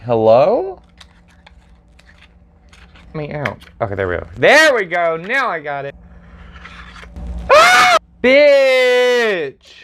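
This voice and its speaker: An excitable man reviews makeup at home, talking straight into his phone camera. His voice swoops up and down with animated range, breaking into dramatic squeals and sassy asides. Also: a little high, brisk, a little hiss or hum. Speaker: makeup vlogger. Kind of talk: casual makeup review chat.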